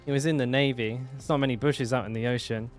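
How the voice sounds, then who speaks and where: A man's voice: mid-range voice, steady tone, quick pace, soft background music. A young man chatting casually while streaming a game, rambling with lots of fillers and restarts. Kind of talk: casual live-stream chat.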